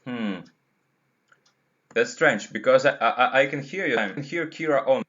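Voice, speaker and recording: Slow, halting man on a distorted call. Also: mid-range voice, a bit bright. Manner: hesitant, halting, many fillers. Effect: distorted, monster-like voice changer sound. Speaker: host of an online discussion hangout. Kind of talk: casual group video call chat. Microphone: video call. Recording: dull, faintly noisy call audio.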